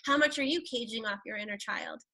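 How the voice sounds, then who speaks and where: A woman with a high, bright voice talking on a video call. She speaks in an animated, earnest way, often circling back and repeating words. The talk is casual and spiritual in tone. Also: a little fast, creaky.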